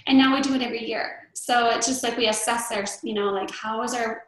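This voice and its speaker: A middle-aged woman chats as an interview guest, talking fast in a slightly high, steady, fairly bright voice. She rambles with lots of fillers and restarts, and the room is very echoey.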